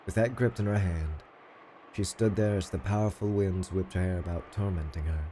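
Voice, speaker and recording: A man streaming himself reading a visual novel aloud in a steady, low-key narrating voice. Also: normal speed, a little hiss or hum.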